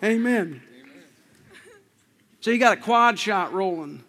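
A man with a high, bright voice preaches a lively sermon, cracking jokes and chuckling between lines. He leads the crowd in call-and-response with emphatic repeated phrases. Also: takes it slowly. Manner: playful, joking, laughing often.

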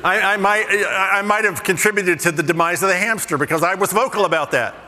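Male preacher, fairly high, animated comic storyteller, reverberant hall. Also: a little fast, some chatter behind. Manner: animated, jokey, self-deprecating. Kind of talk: humorous sermon storytelling.

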